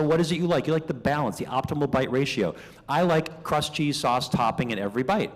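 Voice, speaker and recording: A middle-aged man from Minnesota giving a conversational keynote speech, telling stories with lively asides. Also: medium pitch. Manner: chatty, animated storytelling with asides. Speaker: keynote speaker. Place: banquet hall. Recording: reverberant banquet hall.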